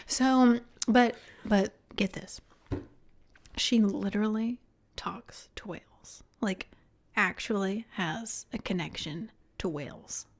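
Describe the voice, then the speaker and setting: A young woman co-hosting a casual podcast chat, gushing and excited, who often drops to a whisper for emphasis. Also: mid-range voice, takes it slowly. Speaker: podcast co-host.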